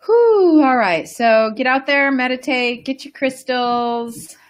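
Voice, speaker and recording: A woman's voice: fairly high pitch, steady tone, measured pace, clear, resonant tone. A woman hosting a casual wellness live stream, talking to viewers in a chatty, rambling, enthusiastic way. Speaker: wellness host.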